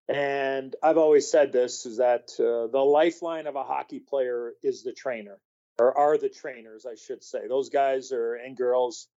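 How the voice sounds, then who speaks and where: A man's voice: mid-range voice, warm tone, highs cut off. A man telling a story as a guest in an interview, rambling with many fillers and restarts. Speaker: guest, former hockey player.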